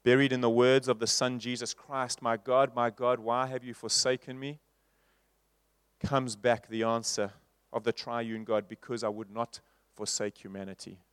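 A man preaching a sermon in a church, moving from loud repeated refrains to soft, slow passages. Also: mid-range voice, flat delivery, clean tone, dry recording. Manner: rhetorical, building to loud repeated refrains then dropping soft.

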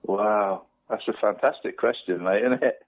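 A man's voice: lowish voice, moderate pace, narrow, tinny audio. A man co-hosting a podcast in casual chat, matey and laughing often. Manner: matey, laughs often, says mate constantly. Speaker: podcast co-host.

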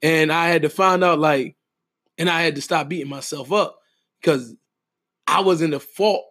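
A man's voice: on the high side, moderate pace, fairly bright tone. A middle-aged man, podcast co-host and wedding officiant, talking in an emphatic, repetitive, preacher-like way in casual chat.

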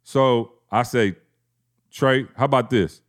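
A man's voice: medium pitch, slow. A man in his thirties, a podcast co-host, telling a family story in casual slang and acting out the quotes.

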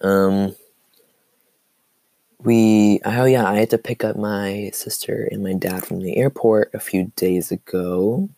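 A teenage boy with a cough hosts his own podcast, his voice cracking now and then. He rambles along with plenty of "like" and "um". His tone is low and mellow, recorded dry and close. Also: fairly even intonation, slow pace, creaky, dry recording. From Seattle area. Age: teens. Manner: rambling, full of "like" and "um". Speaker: podcast host. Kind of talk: casual solo podcast chat.

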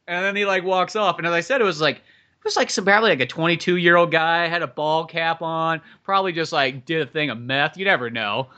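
A man's voice: quick pace, highs cut off. A young man co-hosting a podcast, telling a story in casual chat and acting out the people in it with raised voices. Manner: animated, acts out people in his stories with high voices. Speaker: podcast co-host.

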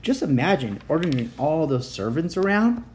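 A woman's voice: low voice, big pitch swings, moderate pace, a little mellow, a little hiss or hum, voice pushed up. A woman voicing a cheeky young boy who jokes and teases, reading a storybook aloud. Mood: teasing. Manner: joking, teasing.

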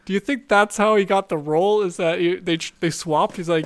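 A man's voice: high-pitched, a little fast. A man chatting casually, easygoing, laughing often and making wry asides. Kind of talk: casual chat.

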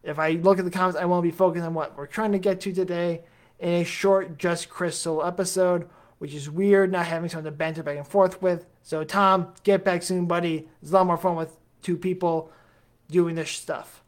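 A man's voice: high voice, steady tone, moderate pace. A man hosting a solo podcast episode, talking straight to his listeners in a rambling, jokey way full of self-deprecating asides. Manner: chatty, addresses listeners directly. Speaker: podcast host.

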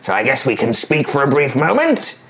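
A man's voice: mid-range voice, huge pitch swings, moderate pace, reverberant, crowd noise. A man voicing a grumpy, battle-scarred old male goblin soldier who insults everyone around him. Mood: menacing. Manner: sneering, insulting and impatient.

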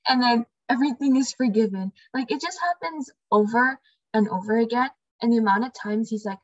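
A young woman co-hosting a book discussion reads passages aloud in casual chat, peppering them with lots of "um" and "like." Her voice sits a little high and moves briskly. The recording is dry with no room sound, captured on a dull lo-fi mic.

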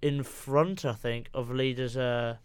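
A man co-hosting a casual football podcast in a studio, hesitant with many uhs and deadpan jokes. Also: medium pitch, slow, smooth, dry recording. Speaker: podcast co-host.

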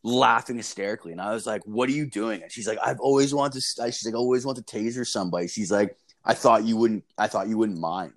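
A man's voice: lowish voice, quick pace, few pauses. A young man telling a wild story in casual chat, rambling and profane, with lots of filler words.

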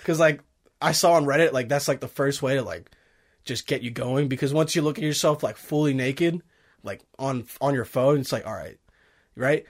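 A man's voice: medium pitch, moderate pace. A young man telling a rambling story in casual chat, swearing often and laughing through it. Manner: profane, laughing, animated storytelling.

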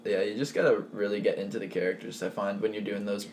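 A man co-hosting a podcast in casual chat, relaxed and joking, laughing often. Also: on the low side, fast, a little hiss or hum. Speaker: podcast co-host.

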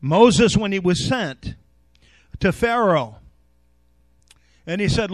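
A male pastor preaching an animated sermon that rises to shouts. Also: high voice, measured pace, long pauses, dry recording.

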